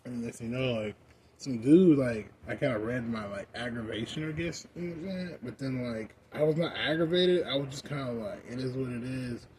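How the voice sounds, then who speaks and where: Young American man, high, rambling profane rant, mid pitch, noisy track. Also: brisk, darkish tone. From United States. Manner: rambling, heavy on "like" fillers, profane. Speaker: vlogger. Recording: noisy background.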